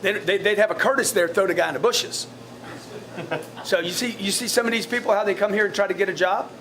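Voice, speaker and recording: Talking fast in a high voice, a man delivers blunt, swear-laden motivational coaching to his sales team during a live group session. He keeps repeating words as he restarts his thoughts.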